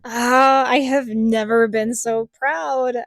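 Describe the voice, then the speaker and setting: A woman hosting a podcast in casual chat, asking questions in a steady, reflective way. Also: on the high side, takes it slowly, no echo, studio quality. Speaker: podcast host.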